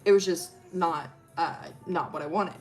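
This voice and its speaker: A woman voicing an embarrassed teenager who talks quietly and stumbles over apologies. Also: mid-range voice, moderate pace, faint music behind, close to an everyday voice, poor audio. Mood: sheepish.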